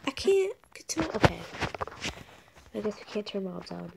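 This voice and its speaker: Young woman rambling over gameplay, gravelly. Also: medium pitch, sing-song, normal speed. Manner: rambling, awkward, drops to whispers. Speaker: game vlogger. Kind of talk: casual gameplay commentary. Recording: noisy home recording.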